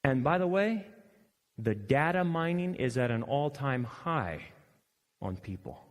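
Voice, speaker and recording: A male pastor preaching a sermon, animated and swinging between loud emphasis and quiet asides. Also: on the high side, unhurried, long reverb tail. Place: church hall.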